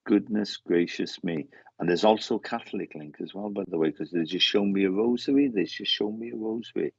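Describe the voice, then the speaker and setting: Low husky man, medium giving a reading, halting and repetitive, dull lo-fi sound. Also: dry recording. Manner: halting, repeats words while relaying messages.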